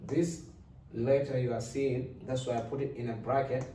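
A man teaching an Arabic lesson, patiently drilling each letter sound with slow repetition. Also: medium pitch, little pitch movement, warm tone, recorded from a distance, a little hiss or hum. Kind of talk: recorded lesson. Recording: echoey room, voice set back from the mic.

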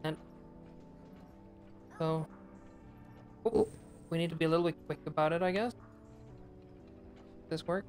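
Low-voiced woman streaming a game. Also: fairly even intonation, measured pace, long pauses, darkish tone, soft background music. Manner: practical, directs the play, swears lightly. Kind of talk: casual live-stream chat.

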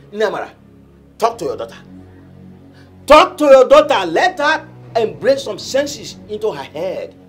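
An actor playing a stern middle-aged father in a film drama, scolding his daughter in a husky voice and pressing her with demands. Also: high voice, heavily acted.

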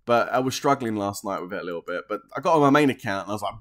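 A man's voice: fairly low pitch, animated, quick pace, fairly bright tone. A man with an English accent from southeast England, chatting casually on a game live stream, rambling, reading out comments and laughing often.

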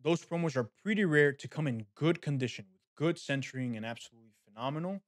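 A man's voice: fairly high pitch, quick pace, no echo. A man hosting a card pack opening, talking casually and animatedly straight to his viewers. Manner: animated, chatty, talks to viewers as guys. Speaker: card-opening channel host.

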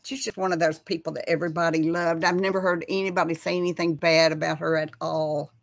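A middle-aged woman with a Texas accent hosts a relaxed live chat. She rambles in a homey, friendly way and keeps turning to her viewers with y'all. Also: sits low, quick pace, creaky. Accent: Texan.

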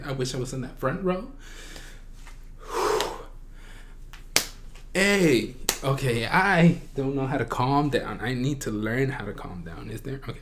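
A man hosting a reaction video, gushing with excitement and often breaking into shrieks and squeals. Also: mid-range voice, unhurried, pauses often, a little hiss or hum. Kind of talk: excited fan reaction commentary.

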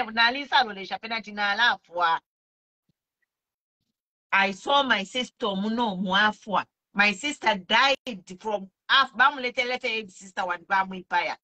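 Earnest Zambian woman, bright voice. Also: mid-range voice, dull audio. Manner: earnest, pleading, switches languages mid-sentence. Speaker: speaker sharing testimony. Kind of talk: personal testimony mixing English and Bemba.

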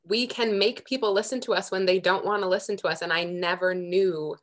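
Her voice low, pushed, and bright, a young Amherst, Massachusetts woman co-chairing a working group offers heartfelt, emotional remarks at a public meeting. She keeps restarting as she goes.

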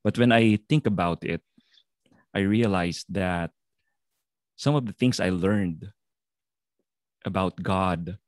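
A man hosting a podcast interview who gives many short murmured replies and asks questions in a soft-spoken way. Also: low voice, slow, long pauses, no room sound, studio quality. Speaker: podcast host.

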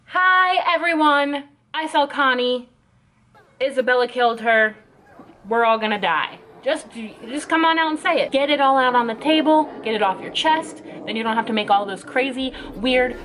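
A woman's voice: sits high, lively intonation, brisk, few pauses, fairly bright tone, a little hiss or hum. Exasperated woman ranting about an episode. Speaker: anime reaction vlogger. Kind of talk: casual reaction commentary.

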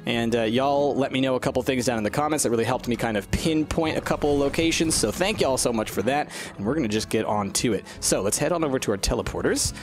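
Man, gameplay host, animated, chatty, faint music behind. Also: mid-range voice, fast talker, few pauses. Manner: animated, chatty, coos at game creatures. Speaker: let's-play host. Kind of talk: casual gameplay commentary.

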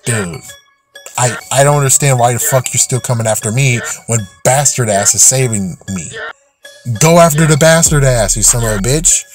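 A man's voice: medium pitch, normal speed, over music. A man ranting angrily and swearing as he vents about an online game. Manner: ranting, frequent swearing, exasperated. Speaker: gaming channel host. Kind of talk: angry gaming rant.

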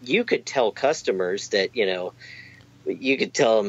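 A man's voice: lowish voice, animated, a little slow, slightly rough. A man talking loosely in an interview, trailing off and circling back with plenty of fillers. He pokes fun at himself as he goes. The recording sounds a little dull and lo-fi. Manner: rambling, self-deprecating, many fillers and restarts. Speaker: amp technician guest. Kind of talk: casual interview chat.

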